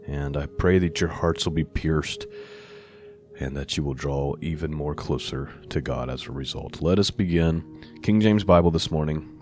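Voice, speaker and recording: Deep-voiced man preaching. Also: darkish tone. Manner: reads scripture slowly, then explains in plain talk; earnest, with frequent self-corrections and rhetorical "right?". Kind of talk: sermon with scripture reading.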